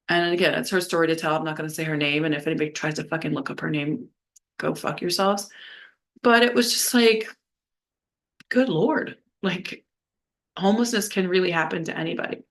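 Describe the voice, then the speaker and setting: Lowish-voiced woman telling a blunt story. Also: vocal fry, a bit bright. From New Orleans. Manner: rambling, heavy use of "like", blunt and profane. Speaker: vlogger. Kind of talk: candid personal storytelling.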